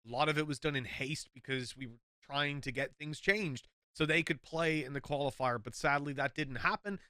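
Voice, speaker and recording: Irish caster, bright forceful tone, dry close mic, blunt and sweary. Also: male voice, on the high side, steady tone, normal speed, no echo. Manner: blunt, frequent swearing, emphatic rants. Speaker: esports caster. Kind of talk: casual podcast chat.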